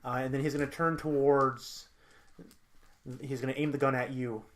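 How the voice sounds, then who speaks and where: A man's voice: mid-range voice, fairly even intonation, normal speed, fairly bright tone, a little hiss or hum. A man narrating as game master of a tabletop role-playing game, describing scenes and prompting the player. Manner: narrates actions, slips into character quotes.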